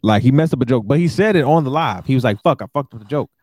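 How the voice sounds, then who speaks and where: A man co-hosting a podcast in casual chat, ranting with animated, profane emphasis. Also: mid-range voice, fast talker, dry recording, studio quality. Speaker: podcast co-host.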